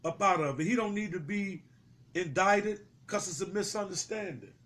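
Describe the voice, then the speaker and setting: Heated high-voiced man ranting profanely. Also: normal speed, a bit bright. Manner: heated, confrontational, swearing, repeating himself. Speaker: street commentator. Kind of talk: profane street commentary to camera.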